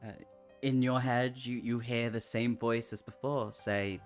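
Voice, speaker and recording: A man's voice: mid-range voice, fairly even intonation, a little slow, faint music behind. A man running a tabletop game as game master, talking casually with hesitant restarts.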